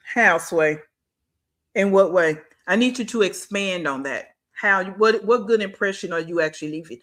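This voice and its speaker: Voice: mid-range voice, moderate pace, a bit bright. A reaction channel host giving casual commentary in slang, scolding with one rhetorical question after another. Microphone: streaming setup mic.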